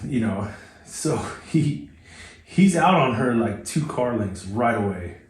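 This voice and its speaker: A man's voice: medium pitch, animated, slow pace, echoey room. A man hosting a car channel, telling a story casually with lots of fillers and restarts. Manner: rambling, many fillers and restarts.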